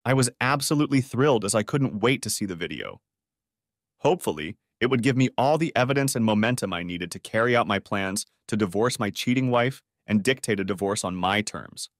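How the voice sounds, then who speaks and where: Guy narrating a story, lively up and down voice, dry close mic. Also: fairly low pitch, brisk, no echo. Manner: animated storytelling. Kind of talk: scripted narration.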